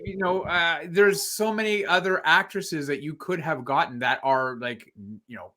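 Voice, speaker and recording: A man's voice: a little high, normal speed, sharp tone. A man hosting a podcast, chatting casually and animatedly about a movie, rambling and laughing often. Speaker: podcast host. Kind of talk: casual movie review chat.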